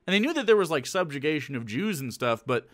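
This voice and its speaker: A male streamer reacting on his stream, loose and profane, full of "like" and "you know". His pitch leaps around as he gets worked up, swinging from low mutters to sharp high exclamations. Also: fast talker. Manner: animated, swearing, rambling with many fillers. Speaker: streamer commentator. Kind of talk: casual reaction commentary.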